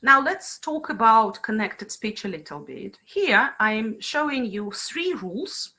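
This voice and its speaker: A woman running an online training session for teachers, lively and often checking in with her group by asking "right?" and "yeah". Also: fairly high pitch, a little slow. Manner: frequent fillers and brief laughs.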